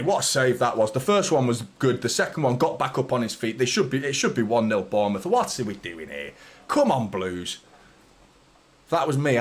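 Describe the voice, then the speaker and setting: A young man hosting a live football watchalong, chatting with viewers and reacting to the match with excitement and swearing. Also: medium pitch.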